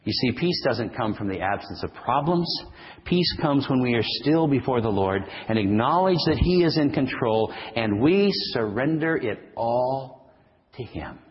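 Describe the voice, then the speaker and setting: Preacher swinging from loud to hushed. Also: male voice, mid-range voice, lively intonation, a little slow, long reverb tail, lo-fi sound. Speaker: pastor. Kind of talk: sermon.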